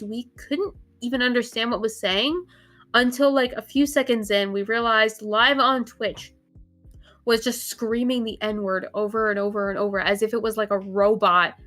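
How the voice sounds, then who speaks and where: A woman's voice: fairly high pitch, a little slow, a bit bright. A young woman, a VTuber guest, chatting casually and rambling with frequent laughs. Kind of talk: casual chat.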